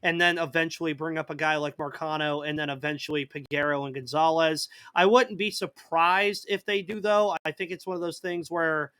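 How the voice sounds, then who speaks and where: A man's voice: on the high side, steady tone, normal speed, few pauses, fairly bright tone, smooth, no echo. A man hosting a live sports podcast in casual chat, reading out viewer comments and answering them, with a slight cough. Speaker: podcast host.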